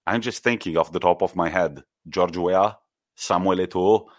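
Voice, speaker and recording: Low-voiced man chatting football. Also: normal speed, dry recording. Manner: animated storyteller, acts out quotes. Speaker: podcast co-host. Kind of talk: casual football chat.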